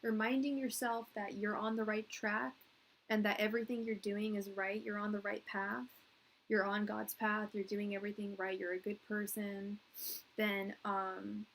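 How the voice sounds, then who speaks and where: A woman's voice: mid-range voice, slight background noise, rough recording. Rambling woman in her thirties reading tarot. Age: 30s. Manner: rambling, earnest, heavy use of "like" and restarts. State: tearing up. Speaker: tarot reader. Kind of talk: live-stream tarot reading.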